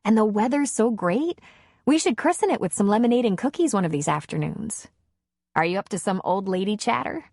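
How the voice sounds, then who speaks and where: A woman's voice: medium pitch, lively intonation, a little fast, darkish tone, dry recording, studio quality, voice pushed up. A woman voicing a chatty, cheerful young single mother in an audiobook. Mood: friendly.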